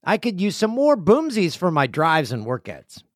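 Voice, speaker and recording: Podcast host, male, chatty and joking, lively higher voice. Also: normal speed, dry recording, studio quality. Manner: chatty, jokey, acts out friends in loud high voices. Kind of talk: casual solo podcast chat. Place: home studio with stairs nearby.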